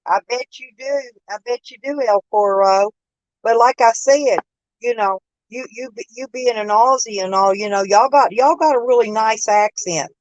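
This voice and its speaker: Here a woman with a voice on the high side talks at normal speed, casually chatting with her live stream viewers, laughing frequently and using their names. She uses a phone mic, so the sound is lo-fi, though without room sound.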